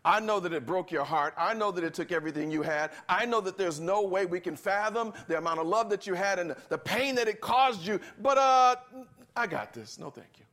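A male preacher acting out a dismissive person who politely waves off a great sacrifice, in an offhand, quiet way. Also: sits high, expressive, fairly quick.

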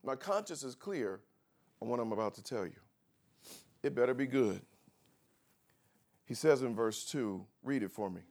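A man preaching a sermon as pastor, drawing out emphatic words, pausing for effect, and swinging between soft asides and shouted emphasis. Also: mid-range voice, expressive. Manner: drawn-out emphatic words with pauses.

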